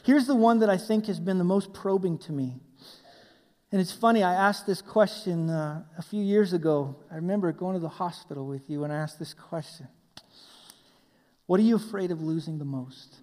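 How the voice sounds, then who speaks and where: A man preaching a sermon as a pastor. He tells stories with animation and swings between loud passages and hushed ones. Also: sits high, normal speed. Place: church hall. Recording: long hall reverb.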